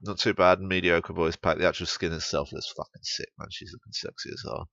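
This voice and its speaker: A man's voice: low voice, steady tone, fairly quick, bright, forceful tone, no room sound, lo-fi sound. A young English man giving blunt, sweary, rambling commentary on a game patch. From England.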